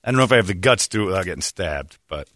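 A man's voice: sits low, lively intonation, very fast, a bit bright, no room sound, clean studio sound. A middle-aged man hosting a casual talk show, telling stories and acting out the voices of the people in them. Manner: storytelling, acts out voices in anecdotes. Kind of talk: casual chat.

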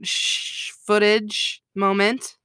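A woman chatting on a podcast and swearing freely in a blunt, offhand way. Her voice is smooth and clear. The recording is close and dry. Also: medium pitch, little pitch movement, drawn-out words, pushed and bright, no room sound. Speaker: podcast co-host. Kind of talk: casual chat.

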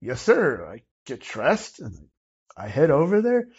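Animated man telling a story. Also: fairly high pitch, measured pace, slightly rough, highs cut off. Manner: animated, acts out dialogue from the story. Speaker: interview guest telling his story. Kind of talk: casual personal storytelling.

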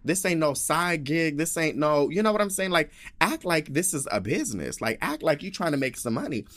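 A man's voice: on the high side, big pitch swings, a little fast, fairly bright tone. A man hosting a podcast, telling a story in a sassy, dramatic rant full of swearing and asides. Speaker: podcast host.

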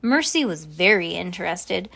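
A woman reading a children's chapter book aloud, voicing the characters with lively jumps in pitch. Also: moderate pace, vocal fry. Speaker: reader.

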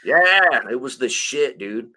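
Podcast co-host, man, bright forceful tone, profane rambling storyteller. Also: medium pitch, expressive, slow. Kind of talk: casual chat.

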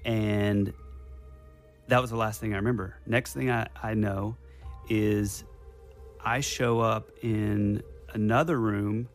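Low-voiced man rambling through a story. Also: fairly even intonation, slow, faint music behind. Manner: rambling, detail-heavy recounting with many restarts. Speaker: podcast guest telling a personal story. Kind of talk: casual spoken storytelling.

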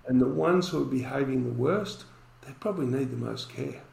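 A man's voice: medium pitch, fairly quick, creaky, darkish tone, reverberant, rough recording. A man, a podcast guest telling a story and acting out the dialogue in it.

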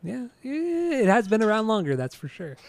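Brief: relaxed male podcast host, a bit high-pitched, lively and teasing. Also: normal speed, gravelly, no echo. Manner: easygoing, teasing, laughs often. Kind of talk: casual chat.

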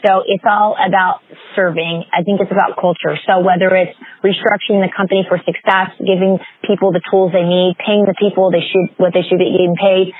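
A woman fitness executive, a guest in an interview, telling stories with lively acted-out quotes. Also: on the low side, a little fast, dry recording. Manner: animated storyteller, acts out quoted voices. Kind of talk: interview storytelling. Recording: dry, phone-like lo-fi audio.

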